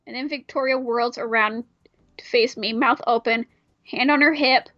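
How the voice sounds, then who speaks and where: A woman reading a visual novel aloud and chatting, animated and joking, swearing often. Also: on the high side, moderate pace, dry recording. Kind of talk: casual let's play chat and reading. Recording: dry, slightly muffled mic.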